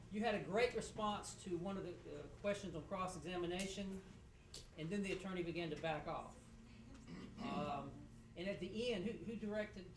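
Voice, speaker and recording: A middle-aged male judge with a fairly high voice gives students feedback after a mock trial, speaking in halting, repetitive bursts with dry jokes. He is some way from the mic, so his words echo around the courtroom over a faint room hum.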